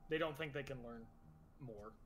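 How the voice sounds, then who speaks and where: A man's voice: mid-range voice, slight background noise, natural voice. Echo, a man playing a scrappy superhero teen. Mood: earnest. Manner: rambling, laughing, quick to argue. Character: friendly, scrappy teenage superhero boy. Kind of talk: in-character tabletop role-play.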